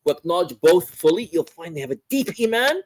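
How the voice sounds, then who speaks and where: Man, religious lecture, higher-pitched voice, dry close sound, repeats phrases, asks "right?". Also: big pitch swings, a little fast, dry recording, low-quality recording. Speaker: Islamic scholar teaching a course. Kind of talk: religious lecture explaining a text.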